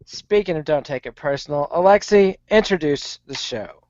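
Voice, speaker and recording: A man's voice: on the high side, lively intonation, moderate pace, a little mellow, no echo, highs cut off. A man co-hosting a podcast, chatting casually and cutting in with short remarks. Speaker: podcast co-host. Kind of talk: casual chat, brief interjections.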